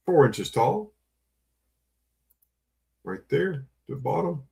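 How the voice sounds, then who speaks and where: A man with a twang runs a live online sale. He calls and repeats the bids and keeps coaxing his viewers to join in. His voice sits at an ordinary middle pitch. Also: sing-song, very slow, vocal fry, long pauses, a little mellow. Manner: auctioneer patter, repeating bids and urging buyers. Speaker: livestream auction host. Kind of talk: live online auction selling.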